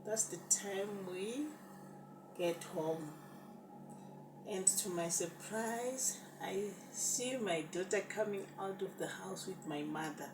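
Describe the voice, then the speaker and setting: A woman's voice: mid-range voice, slow pace. A woman telling a personal story to her viewers, emotional and repetitive, calling them "guys". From Zimbabwe. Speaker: vlogger. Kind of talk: storytime narration. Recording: distant roomy recording with background noise.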